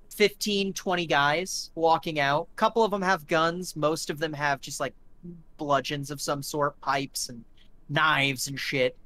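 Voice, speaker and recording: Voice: medium pitch, bright, forceful tone. A game master narrating a tabletop game in a casual, rambling way, full of fillers and swearing.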